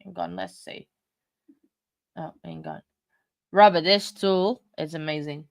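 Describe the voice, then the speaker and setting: Chatty woman with a lowish voice. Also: measured pace, gravelly, darkish tone, no echo. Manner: rambling, reads viewer comments aloud and chats back; chatty and self-deprecating. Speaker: livestream host. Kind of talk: casual livestream chat.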